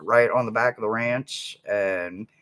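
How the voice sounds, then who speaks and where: A man's voice: on the low side, unhurried, a bit bright, smooth. A man chatting casually to viewers on a livestream, rambling between stories and humming snippets of songs. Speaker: livestream host.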